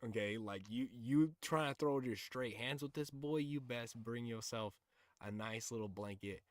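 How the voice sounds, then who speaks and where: A man's voice: mid-range voice, normal speed, no echo, studio quality. A man streaming, chatting casually about music and anime in a loose, profane, rambling way with lots of fillers. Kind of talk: casual livestream chat.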